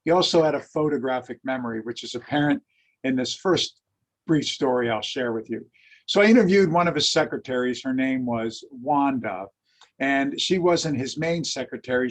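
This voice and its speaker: A man lecturing on history, telling anecdotes in a lively storytelling way and acting out the quotes. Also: mid-range voice. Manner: animated storyteller, acts out quotes. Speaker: lecturer and teacher.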